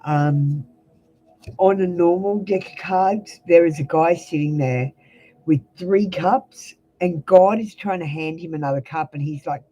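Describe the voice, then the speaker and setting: A young adult Australian tarot reader with a fairly low, warm voice speaks a little slowly on a live stream, giving blunt, chatty readings and addressing viewers by name. Soft music plays behind her, and the recording quality is low.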